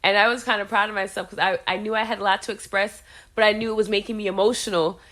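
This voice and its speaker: Expressive middle-aged woman musing aloud. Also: medium pitch, fast talker. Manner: expressive, reflective, many restarts. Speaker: podcast co-host. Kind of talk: casual chat.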